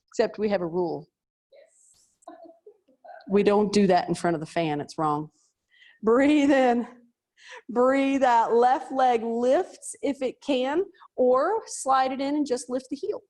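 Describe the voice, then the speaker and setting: A woman's voice: on the high side, slow, long pauses, darkish tone. A woman teaching a chair yoga class over a video call, giving breathing and posture cues with chatty, joking asides. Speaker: yoga instructor.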